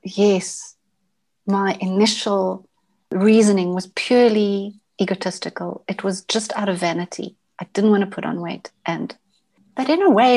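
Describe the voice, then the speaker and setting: A woman, sharing a personal story as an interview guest in a casual, halting way, often restarting and repeating words. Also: mid-range voice, gravelly, darkish tone.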